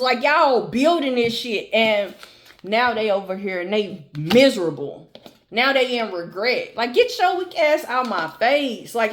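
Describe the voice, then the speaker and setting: A woman giving a tarot reading to her viewers, blunt and emphatic, swearing freely and repeating phrases for emphasis. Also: fairly high pitch. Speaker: tarot reader. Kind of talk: channel tarot reading, casual and direct to viewers.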